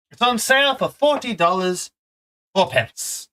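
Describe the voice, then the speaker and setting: A man streaming a relaxed game, chatting in a rambling, playful, self-mocking way. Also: high voice, a little slow, low-quality recording. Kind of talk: casual gameplay commentary.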